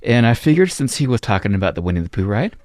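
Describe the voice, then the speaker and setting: A male podcast host talks casually and candidly to his listeners. His voice sits low. The recording is dry and close. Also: very animated, quick pace, darkish tone, dry recording. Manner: chatty, self-deprecating asides to listeners. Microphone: computer setup.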